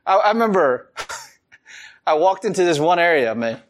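Male pastor, sermon delivery; very lively, expressive pitch, emphatic, drops to quiet asides. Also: normal speed. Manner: animated, chuckling, swings between loud emphasis and soft low asides.

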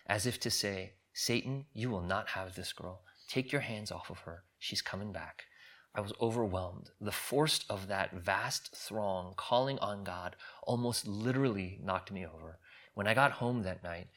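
A man pastor giving a sermon, reading a story aloud with earnest, dramatic delivery and hushed drops. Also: lowish voice.

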